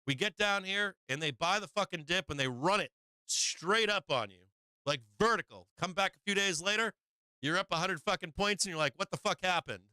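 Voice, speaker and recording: A man's voice: sits high, animated, moderate pace, bright, forceful tone, clean tone, no echo. A man hosting a live stock market stream, talking bluntly in casual commentary full of swearing and restarts, often laughing. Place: home live-stream setup.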